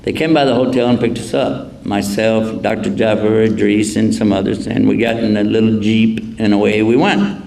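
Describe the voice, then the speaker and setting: A man giving a public lecture as a preacher, telling stories with deadpan jokes and slowly repeating key phrases. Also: on the low side, gravelly, low-quality recording. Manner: storytelling, deadpan joking, slow repetition of key phrases. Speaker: Islamic preacher. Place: university lecture hall.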